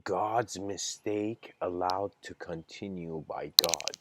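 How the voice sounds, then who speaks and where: A man's voice: deep voice, takes it slowly. A man giving a casual livestreamed lecture, meandering and hesitant with slangy phrasing.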